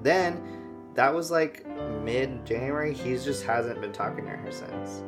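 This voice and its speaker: A woman chatting casually and telling a story, animated and laughing as she slips into silly put-on accents. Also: very deep voice, measured pace. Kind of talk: casual chat. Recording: music playing behind.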